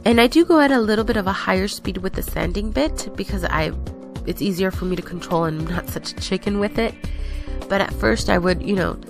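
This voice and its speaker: A woman's voice: mid-range voice, fairly quick, vocal fry. A woman casually narrating her nail tutorial in a chatty, rambling way, a little out of breath. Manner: chatty, rambling, self-correcting. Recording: voice-over with faint background music.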